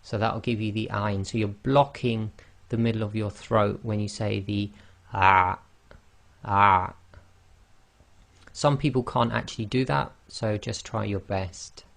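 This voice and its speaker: A man's voice: on the low side, fairly even intonation, moderate pace, gravelly. A man teaching the pronunciation of Arabic letters, patiently demonstrating each sound and repeating it. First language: not Arabic. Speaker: online Quran teacher. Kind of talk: pronunciation lesson.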